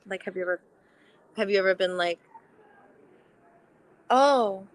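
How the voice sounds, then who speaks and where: A woman's voice: on the low side, level tone, fast talker, rough recording. A woman talking earnestly in a casual heart-to-heart chat, sharing personal experience and acting out inner voices.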